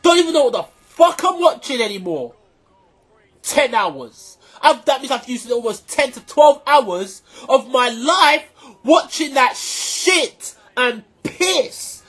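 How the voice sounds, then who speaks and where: A vlogger delivers a furious, expletive-laden rant straight to camera. The voice sits high, and the speaker keeps breaking into shouts and repeating lines for emphasis. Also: very animated, slow pace, husky. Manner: furious, profane, often shouting. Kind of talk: angry reaction rant to camera.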